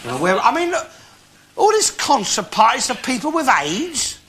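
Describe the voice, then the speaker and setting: An actor playing a cantankerous old working-class Londoner, grumbling and swearing through a stand-up monologue to a live audience. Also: male voice, extremely high pitch, wildly swooping pitch, moderate pace, a little hiss or hum, full character voice. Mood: ranting. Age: 70s. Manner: grumbling, ranting, swears often. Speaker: comedian in character. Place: theatre stage. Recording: live TV show with loud audience laughter.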